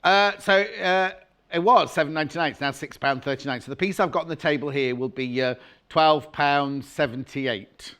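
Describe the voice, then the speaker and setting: A man's voice: fairly high pitch, normal speed, a bit bright. A middle-aged man presenting fabrics on a live home-shopping channel, chatty and gushing with jokey asides.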